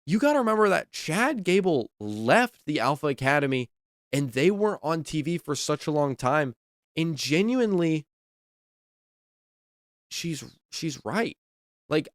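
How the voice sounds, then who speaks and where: A man with a voice on the high side hosts a wrestling podcast, recorded clean in a studio with no echo. His commentary is casual and enthusiastic opinion, and he repeats himself and says "like" a lot.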